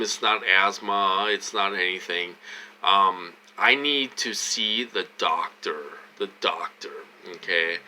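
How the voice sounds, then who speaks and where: Man with a Minnesotan accent, lowish voice with a hard bright edge, blunt and meandering vlog chatter. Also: a little hiss or hum. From United States. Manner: rambling and repetitive, many ums, blunt and coarse. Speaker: vlogger. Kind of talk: casual monologue to viewers.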